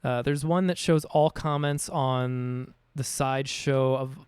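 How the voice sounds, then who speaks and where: A man's voice: medium pitch, fairly even intonation, unhurried, darkish tone, clear, resonant tone, no echo, clean studio sound. A man streaming a game, chatting casually and joking with his viewers. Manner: playful, jokey, chatty with viewers. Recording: faint music behind.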